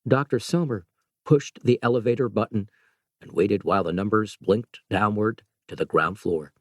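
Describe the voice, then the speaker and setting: A man narrating an audiobook in a measured, steady reading. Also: fairly low pitch, no room sound, studio quality.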